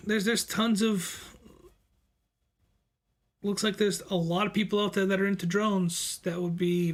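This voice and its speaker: A relaxed man with a Boston accent hosts a live stream and chats with his viewers. His voice sits high but stays level, with little rise and fall. He often restarts and repeats words as he answers. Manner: reads viewer comments aloud and answers them; laid-back, friendly, repeats words and restarts. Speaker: livestream host reading chat. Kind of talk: casual live chat.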